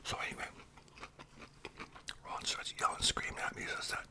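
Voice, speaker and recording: At a moderate pace, a man in his sixties whispers a long story in ASMR style, rambling and tacking on tag questions as he goes.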